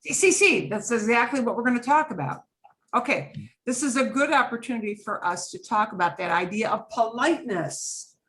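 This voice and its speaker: A woman's voice: on the high side, brisk, a bit bright. A woman teaching a beginners' Spanish class over a video call, explaining patiently and repeating phrases.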